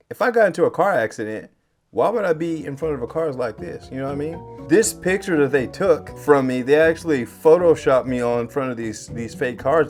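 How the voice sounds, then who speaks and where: A man who works in cybersecurity, telling a scam story to his viewers in a lively way. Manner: lively, swings pitch and loudness when acting out chats. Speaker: cybersecurity vlogger. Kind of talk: animated storytelling to camera.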